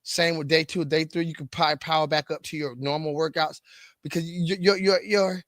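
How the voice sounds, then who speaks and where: A man's voice: a little high, fairly even intonation, fairly quick, a bit bright, no room sound, studio quality. A middle-aged man coaching fitness, talking casually to the camera, often repeating words and restarting lines. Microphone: camera mic.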